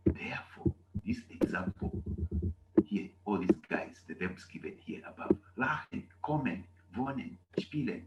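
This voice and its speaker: A man teaching a class at an unhurried pace, drawing out his examples word by word. His pitch swings widely as he stresses each point. The room is echoey, with a faint hiss behind him. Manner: slow, animated teaching with drawn-out examples. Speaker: German language teacher. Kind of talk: classroom lesson.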